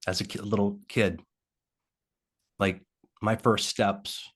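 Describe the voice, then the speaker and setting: A man talking as a guest in a video-call interview, telling a personal story in a halting way with lots of pauses and fillers. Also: lowish voice, flat delivery, a bit bright, slightly rough.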